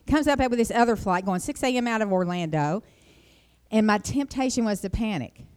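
A middle-aged woman giving an informal devotional talk, telling rambling personal stories and jumping high in pitch when she quotes herself. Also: animated, a little fast, darkish tone, clean tone. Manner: chatty, rambling storyteller, jumps up high when quoting herself. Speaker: Christian speaker.

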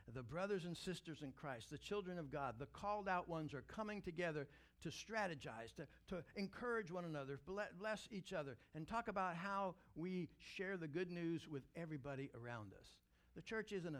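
A man's voice: sits high, fairly bright tone. Earnest preaching pastor, man. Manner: earnest, conversational preaching that builds to emphatic peaks. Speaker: senior pastor. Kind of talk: sermon.

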